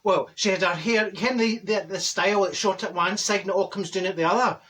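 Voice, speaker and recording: Pitched high with a steady, slightly bright tone and a brisk pace, a man voices a chatty, brash middle-aged woman from Glasgow. In this character comedy monologue, she's a blunt gossip and self-styled people person telling a comic story.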